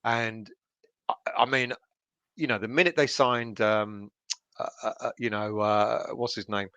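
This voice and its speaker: A man talks football with a bright, forceful tone. His delivery is animated and full of restarts, and the sound is dry and close over a video call. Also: fairly low pitch, unhurried, clear, resonant tone, dry recording, lo-fi sound. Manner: animated, interrupts himself with restarts. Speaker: guest. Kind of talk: casual football chat.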